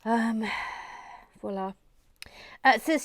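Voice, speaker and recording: A woman hosting a relaxed Lego building video, chatting casually and muttering softly to herself with self-mocking asides. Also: medium pitch, measured pace, no echo, clean studio sound. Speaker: host building a Lego model. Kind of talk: casual chat while building.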